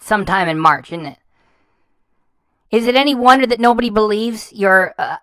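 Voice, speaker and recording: Scornful woman with a smooth clear voice. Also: medium pitch, a bit bright, no echo, rough recording. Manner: mocking, sarcastic and profane, stumbles when worked up. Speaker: reaction channel commentator. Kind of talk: scathing reaction commentary.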